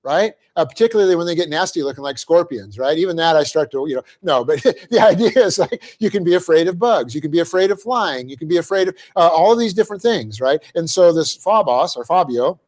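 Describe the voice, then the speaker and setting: A middle-aged man teaches a Greek grammar lesson to a Bible class in a church classroom, his animated, slightly mellow voice pitched a bit high for a man. He explains each point in sequence, often asks "okay?" to confirm understanding, and chuckles at his own blunders.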